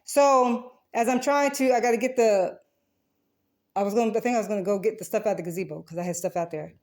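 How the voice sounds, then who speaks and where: A woman's voice: mid-range voice, brisk, a little mellow. A woman giving a rambling, defensive account of a dispute, swearing often and restarting her sentences.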